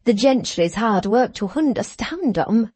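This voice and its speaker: A woman's voice: on the high side, expressive, a little slow, mellow, husky, dry recording. Woman voicing a wheezy mincing innkeeper guy, super deferential, sir this sir that, dry audiobook sound. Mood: chatty. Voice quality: treble, wheezy voice with a mincing accent. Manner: deferential, chatty, says "sir" often. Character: pompous plump male village innkeeper.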